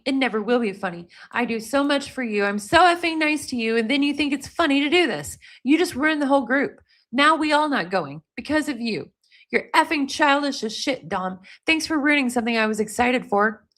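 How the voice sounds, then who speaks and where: Fed up young girlfriend ranting over text, kinda high voice, woman reading it out. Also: expressive, a bit bright. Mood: exasperated. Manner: reading angry texts aloud, rapid and exasperated. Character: upset young woman texting her boyfriend.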